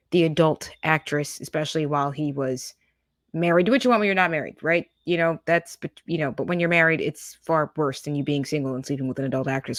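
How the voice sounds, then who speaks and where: A woman's voice: sits low, no echo, studio quality. A woman hosting a political reaction show, scornful and sarcastic as she talks over clips. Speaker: political commentary host.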